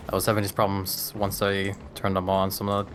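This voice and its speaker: Laid-back male co-player, low voice, casual swearing. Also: completely flat delivery, quick pace, noisy background. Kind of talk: casual gaming chat.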